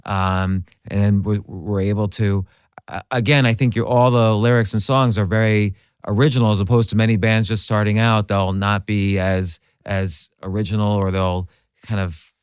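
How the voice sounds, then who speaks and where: A man hosts a podcast interview, often stumbling and restarting mid-sentence. His voice is fairly low and smooth. The recording is close and dry. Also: steady tone, dry recording. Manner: halting, repeats words and restarts. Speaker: podcast host. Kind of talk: interview questions.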